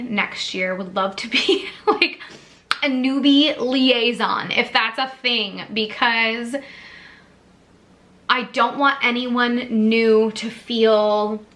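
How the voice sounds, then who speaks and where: A woman's voice: mid-range voice, gravelly, a bit bright. A young adult woman vlogger, seated, telling an emotional personal story in a gushing way with many fillers. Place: sitting on a squeaky chair.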